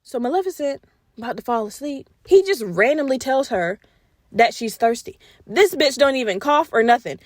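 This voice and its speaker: High-voiced, animated woman podcaster. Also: normal speed, no room sound, clean studio sound. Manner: animated, profane, slangy retelling. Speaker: podcast host. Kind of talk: casual comedic storytelling.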